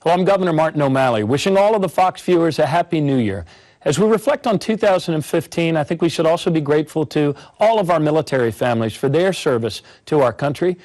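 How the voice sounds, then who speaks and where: Brisk man giving a quick greeting. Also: fairly high pitch, lively intonation, a little mellow, poor audio. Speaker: governor and candidate. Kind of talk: recorded New Year greeting.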